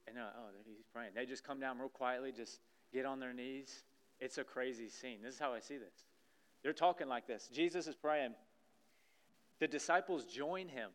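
Animated preacher with a smooth voice. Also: male voice, mid-range voice, normal speed. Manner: animated preaching, acting out scripture scenes. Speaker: pastor. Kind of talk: sermon. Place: church sanctuary stage.

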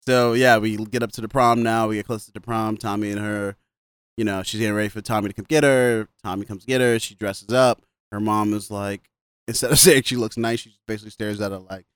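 A man's voice: lowish voice, steady tone, quick pace, smooth, no room sound. A man casually recapping a film on a podcast, laughing often and quoting the characters as he goes. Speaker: podcast co-host. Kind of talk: casual movie recap chat.

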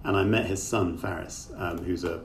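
A man's voice: sits low, steady tone, moderate pace. A middle-aged man, an author, speaking as a guest in a conversational interview over a video call, thoughtful and rambling with many fillers. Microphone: remote call microphone. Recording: distant mic with faint noise.

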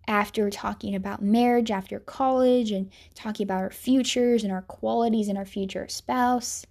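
A young woman earnestly telling a personal faith story, sorrowful and reflective, sometimes dropping to a soft whisper. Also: mid-range voice. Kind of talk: personal testimony monologue.

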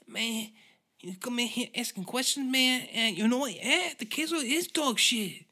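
A man's voice: very high voice, animated, moderate pace, sharp tone, voice pushed up, exaggerated voice. A man putting on the voice of a defensive, stubborn restaurant owner who whines and argues belligerently.

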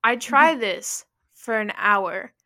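A young woman co-hosting a podcast, telling a story in a casual, animated way and acting out her own panicked lines. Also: on the high side, takes it slowly. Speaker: podcast co-host.

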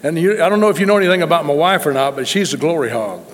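Preacher, high voice, echoing hall. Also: male voice, lively intonation, very fast, slight background noise. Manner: folksy, emphatic testimony. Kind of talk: sermon storytelling. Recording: long reverb in a large hall.

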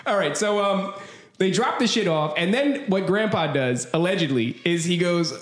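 A man's voice: high-pitched, lively intonation, moderate pace, echoey room. A man co-hosting a casual livestream podcast, telling a story with jokes and lots of swearing. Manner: profane, storytelling, joking. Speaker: podcast co-host.

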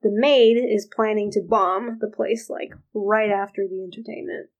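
A woman co-host talks through a show's plot in a relaxed, unhurried recap. She has a middle-range voice and leans on fillers as she pieces the story together. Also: mid-range voice, highs cut off. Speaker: podcast co-host recapping a TV episode. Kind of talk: casual chat.

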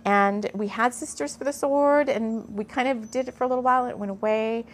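A woman's voice: fairly high pitch, fairly even intonation, a little fast, a little hiss or hum. A middle-aged woman reading a channeled mystical story aloud, breaking off into earnest, gushing asides and getting emotional. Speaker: spiritual storyteller.

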